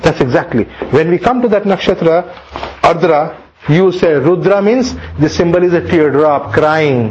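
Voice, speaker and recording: A man teaching astrology to students, animated and full of rhetorical questions, sometimes acting out complaints. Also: fairly high pitch, normal speed. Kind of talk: lecture to students. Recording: dull lo-fi sound.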